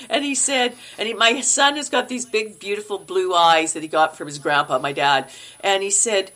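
A middle-aged woman chats as a podcast guest in a casual, unhurried way. She tells her story with lively voices for the people she quotes, her pitch leaping up for their lines before settling back into a medium register. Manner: animated, acts out quoted voices with big pitch jumps. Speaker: guest actor.

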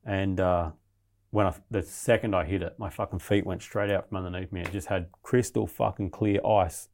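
A man's voice: low voice, fairly even intonation, moderate pace, darkish tone, slight background noise. A man, a guest in an interview, telling a story in a blunt, rambling way with heavy swearing.

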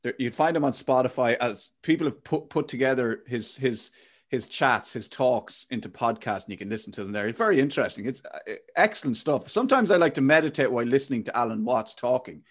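A man's voice: mid-range voice, animated, a little fast. An Irish man in his forties hosting a podcast, talking in a reflective, frank way with casual swearing. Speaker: podcast host. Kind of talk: candid podcast chat.

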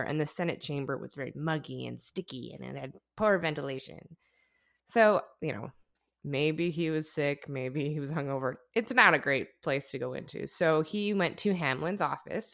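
A woman's voice: deep voice, vocal fry, fairly bright tone. A woman hosting a podcast, telling a story in casual chat and laughing often. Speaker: podcast host.

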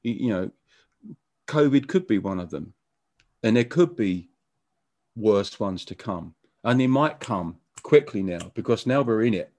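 A man being interviewed as a musician, talking casually in a halting way with frequent stammered restarts. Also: on the low side, animated, darkish tone, dry recording, clean studio sound. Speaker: musician guest.

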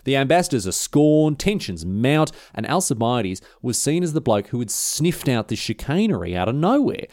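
A man with an Australian accent hosting a history podcast, telling the story in a casual, slangy, animated way. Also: medium pitch, moderate pace, few pauses, no room sound, studio quality. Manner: animated, slangy, acts out characters' voices. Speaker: podcast host.

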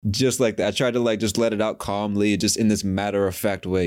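Guy with a lowish voice telling a podcast story, swears a lot, laughs at himself. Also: level tone, a little fast. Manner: candid, profane, laughs at himself. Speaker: podcast host. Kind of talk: casual storytelling monologue.

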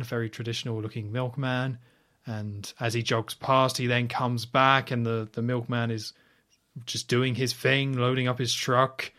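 A man in the middle of an ordinary pitch range hosts a casual podcast. He talks through a film recap in a rambling, chatty way and offers blunt opinions along the way. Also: a bit bright. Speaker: podcast host.

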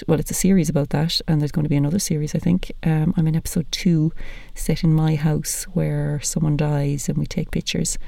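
A woman's voice: deep voice, vocal fry, mellow, no room sound, studio quality. An Irish woman hosting a podcast, chatting in a loose, jokey, rambling way. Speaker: podcast host. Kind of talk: casual chat.

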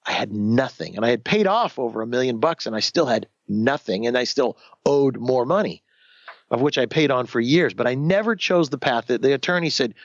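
In a candid interview, a man in his fifties talks a little fast at medium pitch as he shares his own story. He is animated, acts out the voices of those he quotes, and often restarts sentences; the recording is dry and lo-fi.

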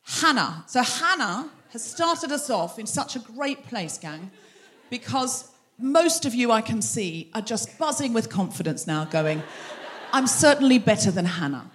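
A woman's voice: a little high, big pitch swings, a bit bright. A woman hosting a live comedy show on a theatre stage, bantering with the audience in a teasing, chatty way. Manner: teasing, chatty crowd work with quick asides. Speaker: host.

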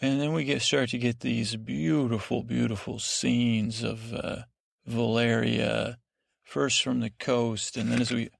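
A man's voice: medium pitch, little pitch movement, unhurried, gravelly, no room sound. A man hosting a sleep podcast, recapping a show in a meandering, drowsy way full of restarts and fillers. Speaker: podcast host.

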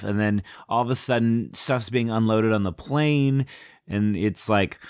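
Rambling, low-voiced man recapping. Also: normal speed, clean tone, no echo, clean studio sound. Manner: rambling, full of fillers, self-mocking. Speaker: film recapper. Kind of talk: casual comedic retelling.

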